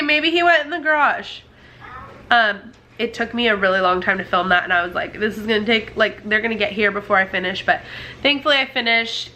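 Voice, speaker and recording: A woman's voice: medium pitch, pushed and bright, a little hiss or hum. A woman chatting casually to her camera at home in a family vlog, rambling with lots of fillers. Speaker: family vlogger. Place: indoors at home near a running dryer.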